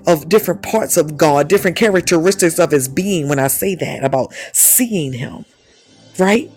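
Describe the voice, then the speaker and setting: A woman's voice: fairly low pitch, a little mellow. A woman preaching a charismatic sermon, fervent and repetitive, often saying "listen" and "my God", with speech. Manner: fervent, repeats "listen" and "my God", speaks in tongues. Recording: faint music behind.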